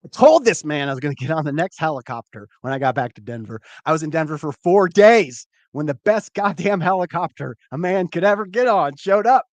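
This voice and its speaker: A man hosting a show, telling a rambling, animated personal story with swearing. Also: fairly high pitch, fairly quick, hardly any pauses, dry recording. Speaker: show host, former comedian. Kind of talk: casual storytelling.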